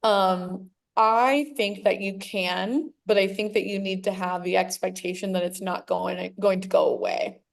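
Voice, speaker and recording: A woman's voice: medium pitch, measured pace, vocal fry, hardly any pauses. American woman explaining with enthusiasm. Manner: enthusiastic, explanatory, nerdy asides. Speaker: interview guest, clinician. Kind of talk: conversational expert explanation.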